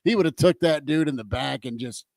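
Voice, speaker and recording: A man co-hosting a sports talk radio show, blunt and excitable. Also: mid-range voice, fairly quick, vocal fry, dry recording. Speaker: radio co-host.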